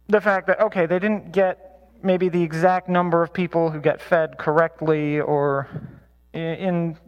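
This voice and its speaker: Man, high voice, church Bible study teacher, chatty, lots of ums and restarts. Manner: chatty, many fillers and self-corrections. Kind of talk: casual teaching talk with anecdotes.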